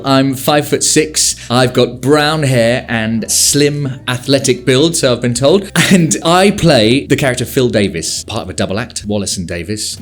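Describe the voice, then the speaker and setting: A male actor introducing himself and his role in a measured, plain way. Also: medium pitch. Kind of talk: self-introduction.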